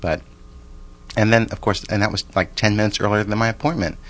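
A man in his forties tells a story from his own day in a loose, chatty way. His voice sits very low, and he keeps restarting sentences and wandering into side remarks. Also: steady tone, fairly quick. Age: 40s. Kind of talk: casual personal storytelling.

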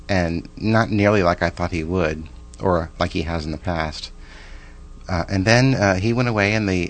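A man in his forties tells a story from his own day in a loose, chatty way. His voice sits very low, and he keeps restarting sentences and wandering into side remarks. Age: 40s. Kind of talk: casual personal storytelling.

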